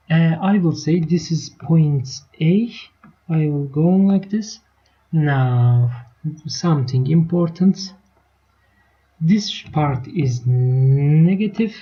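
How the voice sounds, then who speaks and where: A woman's voice: low voice, dark tone. A woman teaching a live online math lesson, explaining step by step and checking in with her students. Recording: dull lo-fi stream audio.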